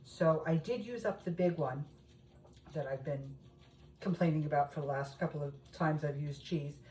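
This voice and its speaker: A woman's voice: sits low, normal speed, dark tone, echoey room, poor audio. A middle-aged woman, chatting casually to viewers while showing a recipe in her home kitchen. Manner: chatty, talks straight to viewers. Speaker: home cooking vlogger. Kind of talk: casual cooking demonstration.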